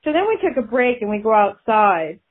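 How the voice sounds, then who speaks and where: A woman's voice: a little high, sing-song, brisk. A woman guest telling stories in a casual chat and laughing often as she talks. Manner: chatty, laughs through her stories. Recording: tinny phone line.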